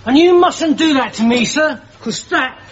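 An actor playing a slow-witted, earnest private soldier in a television sitcom, forever saying sir. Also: male voice, extremely high pitch, lively intonation, very noisy. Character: dim, earnest lowly army private. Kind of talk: sitcom acting before a studio audience. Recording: dull TV soundtrack with audience laughter.

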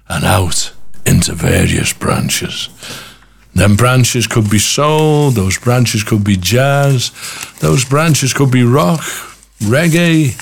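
A man's voice: medium pitch, vocal fry. A man presenting a radio music show, enthusiastic and rambling, talking straight to his listeners.

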